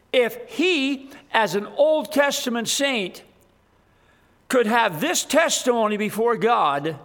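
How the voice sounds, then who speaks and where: Slow, high-voiced earnest preacher man. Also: fairly bright tone. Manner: earnest, emphatic, rising to fervent appeals. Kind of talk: sermon.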